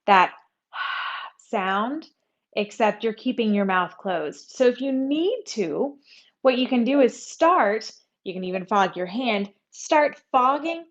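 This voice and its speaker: Calm woman guiding a yoga class. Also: fairly high pitch, muffled recording. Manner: calm, conversational, with breathy demonstration sounds. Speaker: yoga instructor. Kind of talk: guided yoga class instruction.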